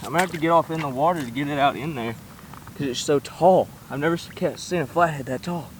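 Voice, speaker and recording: A man vlogging outdoors by a small pond, shaky and keyed up, full of excited exclamations and coaxing the fish he's landing. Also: fairly high pitch, fast talker, distant mic, a little hiss or hum, low-quality recording. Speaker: fishing vlogger. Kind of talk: excited outdoor vlog commentary. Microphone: camera set up nearby.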